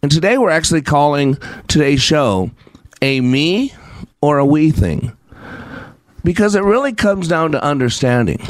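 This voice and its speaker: A man's voice: medium pitch, no room sound. A man hosting a talk show, telling stories in a rambling, anecdotal way with many fillers and restarts, and bringing in scripture. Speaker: show host and customer service teacher. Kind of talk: casual spoken monologue with scripture.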